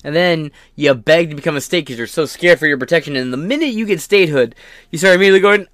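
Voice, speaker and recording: A man's voice: fairly high pitch, animated, fast talker, fairly bright tone, no echo, studio quality. A man hosting his own podcast, ranting in a profane, sarcastic and combative way. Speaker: podcast host.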